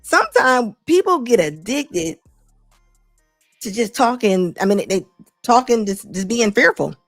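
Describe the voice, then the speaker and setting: A middle-aged woman hosting a talk show, giving blunt, animated opinion commentary and laughing often. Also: fairly high pitch, unhurried, no room sound, clean studio sound, faint music behind. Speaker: host.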